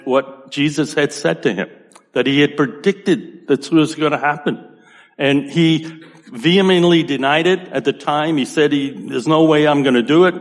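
A man's voice: fairly high pitch, big-room sound. A man with a Boston accent preaching a sermon in a loose, conversational way, often checking in with "you know" and "right". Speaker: pastor.

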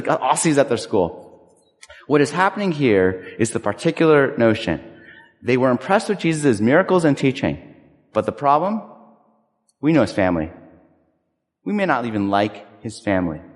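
A man preaching a sermon as a pastor, conversational and animated, telling personal stories. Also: on the high side, normal speed. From Southern California. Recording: long reverb of a large hall.

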